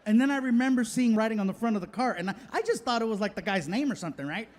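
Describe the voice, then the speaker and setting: A man's voice: sits high, lively intonation, very fast, slight background noise. A male stand-up comedian telling a story on stage and acting out the voices.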